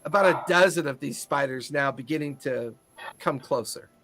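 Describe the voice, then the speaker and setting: A man's voice: a little high, normal speed. A man narrating a tabletop game as game master, loose and laughing often.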